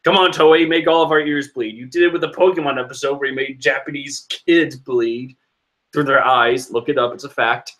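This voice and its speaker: A man giving casual, excitable commentary while reading a comic chapter, rambling and laughing often. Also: mid-range voice, moderate pace. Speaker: manga reaction vlogger.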